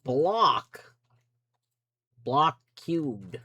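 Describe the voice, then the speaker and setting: A streamer with a sharp-toned, medium-pitched voice talks very slowly through live gameplay, swinging widely in pitch. They narrate every move and yelp when things go wrong, with slight background noise present.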